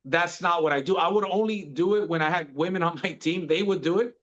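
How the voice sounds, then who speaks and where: A man's voice: fairly high pitch, a little fast, a bit bright. A man in his forties telling his career story in a laid-back way, calling the listener bro. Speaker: podcast guest. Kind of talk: casual storytelling. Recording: dull lo-fi sound.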